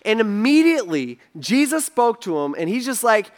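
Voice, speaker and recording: A man's voice: high-pitched, lively intonation, normal speed, hardly any pauses. A man giving a casual sermon as a pastor, talking loosely with lots of "like" and acting out voices in his quotes. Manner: conversational, full of "like", voicing characters in quotes.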